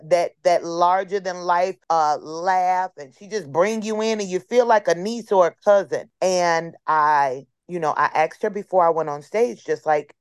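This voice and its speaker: A woman comedian telling a story in an interview, expressive, calling the listener honey and baby. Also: fairly low pitch, clean tone, no room sound, studio quality.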